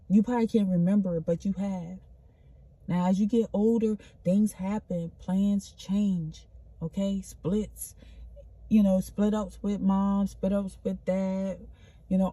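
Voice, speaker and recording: Husky, very dark-voiced woman vlogger. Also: mid-range voice. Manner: earnest, repetitive, addresses listener as honey; spontaneous, loose restarts. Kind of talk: spiritual motivational monologue.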